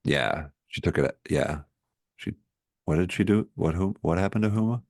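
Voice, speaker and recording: A man's voice: deep voice, lively intonation, moderate pace, darkish tone, no echo. A man co-hosting a film podcast in casual comedic chat, rambling and laid-back on a close mic. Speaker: podcast co-host.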